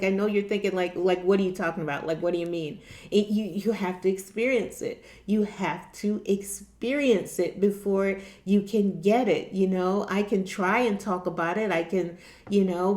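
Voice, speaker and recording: A woman's voice: mid-range voice, warm tone. Earnest woman in an echoey room. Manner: repetitive, earnest, restarts often. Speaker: spiritual vlogger. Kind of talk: casual spiritual talk to camera.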